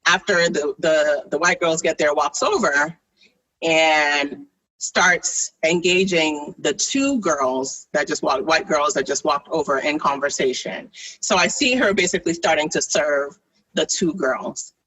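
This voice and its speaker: A woman in her thirties or forties, animated and laughing often as she tells a story in casual conversation. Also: deep voice, measured pace, breathy edge. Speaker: guest. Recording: distant from the mic.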